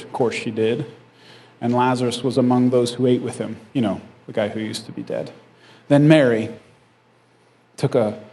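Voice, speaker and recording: A pastor with a husky, mid-range voice preaches his sermon like he's telling a story, sprinkling in "right?" to check in with the congregation. He's animated and keeps chuckling at his own lines.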